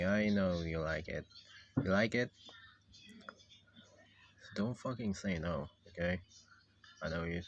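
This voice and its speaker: Male creator, casual drawing commentary, unhurried, foul-mouthed, teasing and scolding his character. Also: low voice, lo-fi sound, slight background noise. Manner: profane, mock-scolding, talks to his drawn character. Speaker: video creator drawing on screen.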